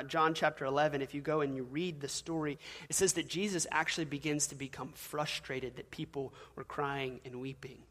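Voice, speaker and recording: A man's voice: on the high side, a bit bright. A male pastor preaching a sermon, telling stories casually and building to emphatic peaks, in a church. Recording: long hall reverb.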